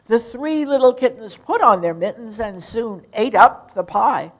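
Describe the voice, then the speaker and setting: Older woman, poetry reader, slow measured delivery. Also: on the high side, expressive, rough recording. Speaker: resident reader. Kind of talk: poetry reading. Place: retirement community.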